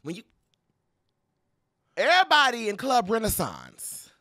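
A young man with a high, lively voice that swoops all over as he riffs on pop culture, sassy and dramatic. The sound is close and dry, with no room around it. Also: no echo. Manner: sassy, dramatic, playful with quick laughs and mock quotes. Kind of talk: animated casual commentary to camera.

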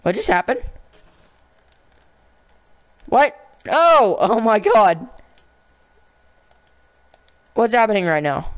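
Slow-talking excitable racing game commentator. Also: mid-range voice, no room sound, poor audio. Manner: excitable, swings between frustrated outbursts and muttering. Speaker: gaming channel host. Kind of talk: casual gameplay commentary. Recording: racing game engine noise underneath. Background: car engine and race sounds from the game.

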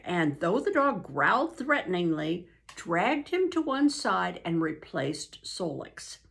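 An older woman, a grandmother, reading a novel aloud in an unhurried way with frequent ums and restarts. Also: lowish voice, fairly bright tone.

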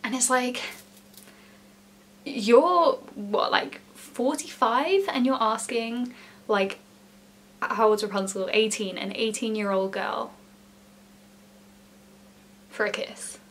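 Chatty young woman, higher voice. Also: takes it slowly, long pauses. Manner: chatty, many "like" fillers, lively emphasis. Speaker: former theme park character performer. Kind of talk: casual storytelling vlog.

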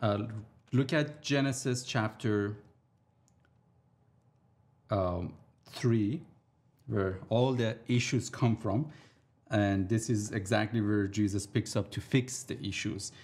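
Slow, deliberate male Bible teacher. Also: on the low side, darkish tone. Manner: deliberate, repeats key points for emphasis. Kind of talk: recorded sermon teaching.

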